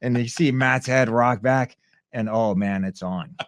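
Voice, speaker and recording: In clean studio sound with no echo, a former fighter on a podcast spins an animated story in a medium-pitched, slightly slow voice. He brings the characters to life, imitating their voices and shouts.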